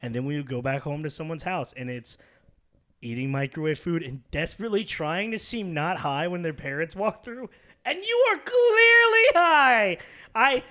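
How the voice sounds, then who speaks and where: A man's voice: a little high, fairly quick. A young man hosting a casual podcast, telling rambling stories and laughing as he goes. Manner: rambling, laughing, acts out quoted voices. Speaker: podcast host. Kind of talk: casual chat, storytelling.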